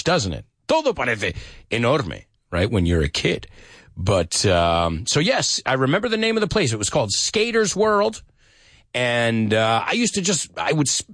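A man's voice: mid-range voice, a bit bright, no room sound, clean studio sound. A man teaching English to Spanish speakers, explaining song lyrics, singing short snippets and translating into Spanish.

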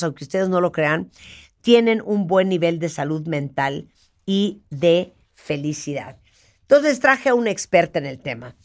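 A woman from Mexico hosting a talk show, chatting playfully with a guest and bursting into laughter. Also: fairly low pitch. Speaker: host. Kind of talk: lively talk show chat.

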